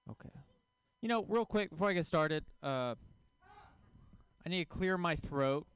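A man performs deadpan stand-up one-liners with pauses between them. His voice is smooth and a little high, and the sound is dry. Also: no room sound. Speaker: stand-up comedian. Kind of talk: stand-up set.

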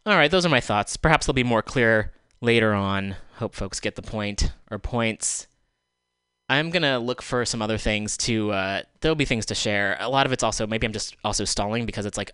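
A man's voice: lowish voice, moderate pace, fairly bright tone, smooth, no room sound. A male radio host giving solo commentary in a studio, exasperated and sarcastic, swearing as he vents, speaking into a handheld microphone. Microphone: handheld microphone taken off the stand.

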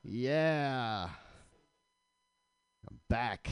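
A man's voice: low voice, animated, a little slow, long pauses. A man hosting a radio show, ranting with crude, sarcastic comedy in a studio.

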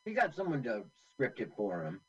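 Lively husky man chatting about a movie. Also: mid-range voice, moderate pace, lo-fi sound. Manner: chatty, shares film trivia. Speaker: co-host. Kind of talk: casual movie commentary.

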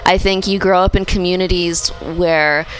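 A woman's voice: lowish voice, fairly even intonation, moderate pace, faint music behind, rough recording. A woman from the US Midwest talking casually as co-host of a radio show, thoughtful and prone to restarting her sentences. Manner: thoughtful, restarts often, laughs easily. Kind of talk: casual conversational talk. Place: small radio studio.

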